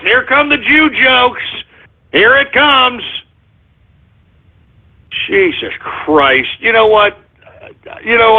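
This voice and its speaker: A man hosting a live radio show, ranting angrily, shouting, swearing and taunting listeners. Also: sits high. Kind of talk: live call-in radio rant. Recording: tinny lo-fi broadcast audio.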